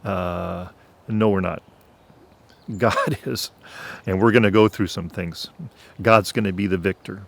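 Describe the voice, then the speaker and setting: A man telling his faith testimony on his own channel in an earnest way, clearing his throat at times. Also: deep voice. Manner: slow, earnest, preacher-like. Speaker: channel host.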